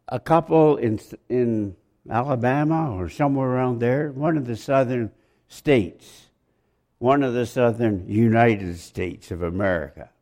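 A man's voice: medium pitch, darkish tone. A man preaching a sermon, rambling, joking with the congregation and asking them questions.

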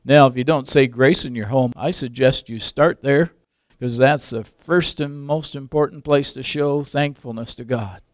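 An older man preaching a sermon, swinging from loud emphatic peaks to quiet asides. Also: medium pitch, normal speed, no room sound, clean studio sound. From English background.

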